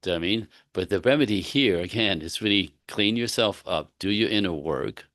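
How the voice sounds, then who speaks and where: Male relationship coach, very deep voice, dry close sound, emphatic list-style delivery. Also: a bit bright, dry recording. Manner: emphatic, lists points slowly for stress. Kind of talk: podcast conversation.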